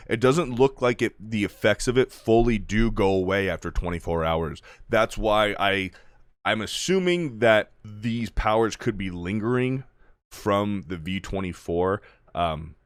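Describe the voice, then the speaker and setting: A man's voice: fairly low pitch, no room sound. A man giving a casual, profanity-heavy spoken review and loosely recapping a plot as the channel's host. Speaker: video reviewer.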